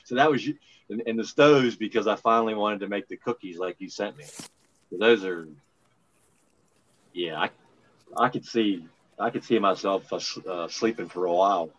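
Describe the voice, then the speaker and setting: A low-voiced man from Maryland rambles through casual chat, halting and restarting as he goes. His voice comes through muffled and lo-fi. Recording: muffled lo-fi sound.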